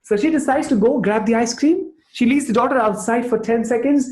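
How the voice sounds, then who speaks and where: A man's voice: extremely high pitch, brisk, a little mellow. A man giving a rousing, emphatic motivational talk and telling a story to his listeners. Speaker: motivational speaker. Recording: roomy echo.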